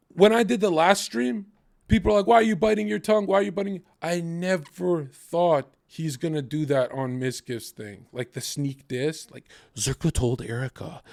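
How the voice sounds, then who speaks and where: A young man streaming, ranting heatedly and with lots of swearing, acting out other people's lines in quotes. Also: a little high. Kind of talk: ranting livestream commentary.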